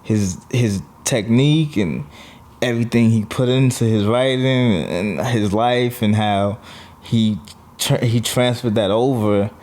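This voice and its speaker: Male comic guest, New York accent, mid pitch, blunt and easygoing storyteller. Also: unhurried, a little mellow. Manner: blunt, laughs while telling stories. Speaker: comedian guest. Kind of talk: casual chat.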